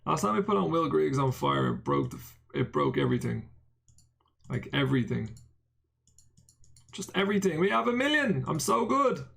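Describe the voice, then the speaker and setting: A man's voice: fairly high pitch, huge pitch swings, moderate pace, gravelly, pauses often, a bit bright. A man with an Irish accent giving casual live-stream poker commentary, bantering and answering chat with self-mocking jokes and the odd swear word. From Ireland.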